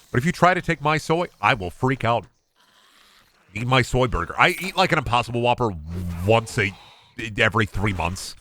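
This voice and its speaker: A young male streamer talks loosely to his chat, rambling through jokey, profane rants. His pitch swoops around freely, and his tone is bright and forward. The talk is casual and unscripted. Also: sing-song, moderate pace.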